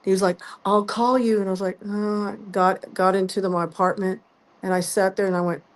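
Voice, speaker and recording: A woman's voice: mid-range voice, little pitch movement, fairly quick. A woman guest telling her story in a casual interview, acting out both sides of the conversations. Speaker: guest singer.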